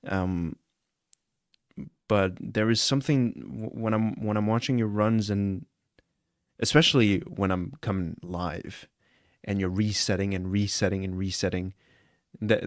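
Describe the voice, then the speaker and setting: A man's voice: on the low side, steady tone, moderate pace, dry recording, studio quality. A man chatting casually on a live stream, earnest and rambling, often checking in with "you know what I'm saying?". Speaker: streamer reacting to a clip.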